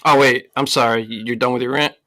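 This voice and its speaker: Bright-voiced man in halting casual talk. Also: mid-range voice, fairly even intonation. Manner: laid-back, halting, repeats words. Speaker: podcast co-host. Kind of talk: casual podcast chat.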